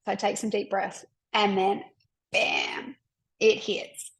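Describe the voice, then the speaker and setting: A woman's voice: mid-range voice, little pitch movement, normal speed, poor audio. A woman hosting a podcast, telling a personal story in an open, emotional way with lots of "like" fillers. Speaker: podcast host and women's coach.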